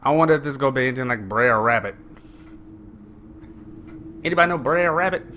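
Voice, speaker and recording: A man's voice: mid-range voice, expressive, quick pace, a little hiss or hum. A young man playing a story game, reading its text aloud with playful jokey asides. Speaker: gamer. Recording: loud game music behind.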